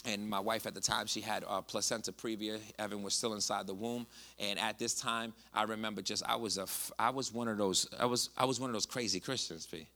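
A male pastor preaching a sermon, passionate and conversational, swinging from hushed asides to loud bursts. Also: fairly low pitch, steady tone, brisk. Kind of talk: preaching a sermon with a personal story.

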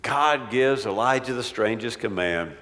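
Dramatic preacher in an echoing hall. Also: male voice, lively intonation, a little slow, a bit bright. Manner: dramatic, acts out quotes with swells in pitch and volume. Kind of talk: sermon. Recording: long reverb of a large hall.

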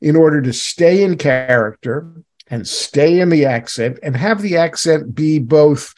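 A man hosting a casual interview, his voice sitting a touch high for a man. He talks in a rambling, self-interrupting way, with plenty of fillers and restarts. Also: expressive, a little slow, darkish tone. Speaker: radio interview host.

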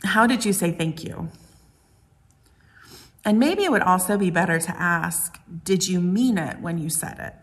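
A woman pastor giving a gentle, reflective sermon, asking the congregation many questions. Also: fairly low pitch, animated, a little slow, pauses often.

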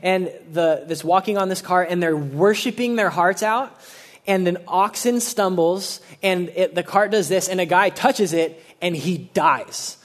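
A man's voice: sits high, unhurried. A young man preaching a sermon in a casual, conversational way, often saying "like" and acting out the people he quotes. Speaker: pastor.

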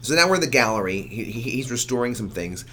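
A man's voice: mid-range voice, lively intonation, quick pace, sharp tone, slight background noise. A man co-hosting a podcast, chatting casually about a TV episode, joking and reading out his own notes. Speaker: podcast co-host. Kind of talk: casual chat recapping a TV episode.

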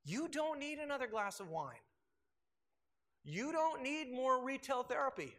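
Man, pastor, sermon, high pitch, loud-to-hushed swings, slow emphatic phrases. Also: animated.

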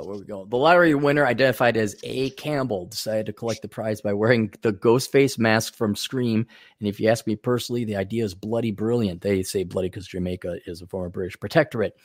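A man's voice: lowish voice, a little mellow, no room sound, clean studio sound. A man co-hosting a casual podcast, reading news stories aloud with blunt, sarcastic asides. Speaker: podcast co-host.

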